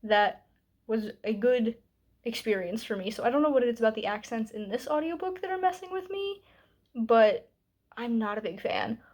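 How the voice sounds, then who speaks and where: A young woman with a slightly high voice, chatting casually into the camera about a book. She speaks candidly and loosely, with plenty of "like" and "um" and the odd aside. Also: expressive, normal speed, darkish tone. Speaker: book vlogger. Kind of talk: casual book review vlog.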